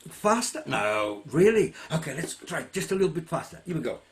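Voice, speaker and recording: A man's voice: fairly high pitch, very animated, fairly quick, creaky. Encouraging man counting bongo beats. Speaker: percussion teacher. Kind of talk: music workshop teaching. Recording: music playing loudly.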